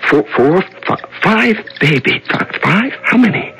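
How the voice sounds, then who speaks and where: An actor playing a haggard prisoner just out of solitary confinement, stammering and pleading, in a 1970s radio drama. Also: male voice, sits high, expressive, unhurried, pushed and bright, faint music behind, exaggerated voice, low-quality recording. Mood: shaken.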